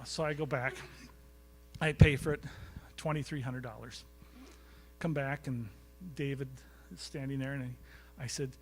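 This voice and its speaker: Speaking at a moderate pace with fairly even intonation, this male guest speaker has a mid-range voice, and faint music plays in the background. His lecture to a live college recital hall audience is anecdotal and chatty, with frequent questions thrown to the crowd.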